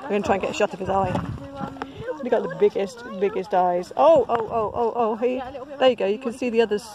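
A woman vlogging outdoors on a farm, chatty and excitable, cooing at the animals as she films on her phone. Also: medium pitch, a little fast, poor audio. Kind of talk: casual vlog narration. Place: outdoor alpaca farm field.

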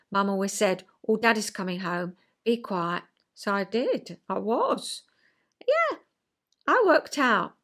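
A woman hosting a podcast, chatting about psychology and acting out quoted voices with sudden pitch jumps. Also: fairly bright tone. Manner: chatty, checks in with listener. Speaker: podcast host. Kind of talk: casual chat explaining psychology.

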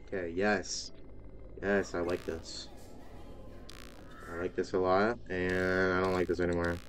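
Man, low and unhurried, narrating his horror game run; chats at the enemies, yelps when surprised. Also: monotone, soft background music. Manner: talks to game characters, frequent startled exclamations. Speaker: gaming video host. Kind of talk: let's play commentary.

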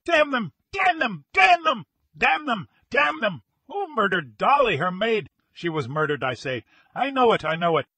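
A man's voice: mid-range voice, normal speed, few pauses, a bit bright, breathy edge, no room sound. A man voicing a frantic, grief-stricken gray-haired older man who shrieks, rages and sobs. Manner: shrieking, raging, sobbing.

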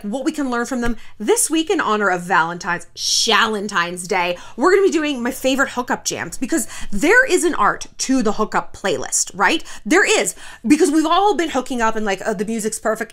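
Lively, chatty woman vlog host. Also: fairly high pitch. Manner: chatty, animated, says "like" often. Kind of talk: casual chat to camera.

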